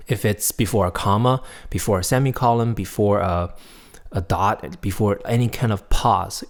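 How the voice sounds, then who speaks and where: A man teaching a pronunciation lesson, demonstrating sounds and checking in with the listener often. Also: on the low side. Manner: demonstrates tones, checks in with "right?" and "okay?". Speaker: Chinese teacher.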